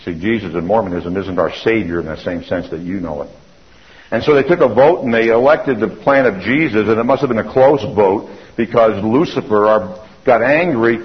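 A man giving an anecdotal lecture in a loose, conversational storytelling manner, often restarting his sentences. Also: fairly low pitch. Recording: dull lo-fi recording.

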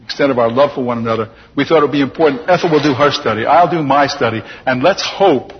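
An older man telling his personal testimony to an audience as a chuckling, lively storyteller. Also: medium pitch, fast talker, breathy edge. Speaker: speaker giving a personal testimony. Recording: dull lo-fi recording with long hall reverb.

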